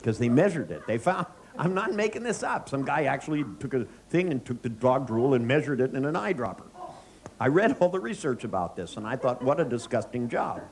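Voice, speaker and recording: A man's voice: medium pitch, very animated, fairly quick. A middle-aged man, a therapist, giving a live seminar lecture, joking, telling anecdotes and quizzing the audience. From United States.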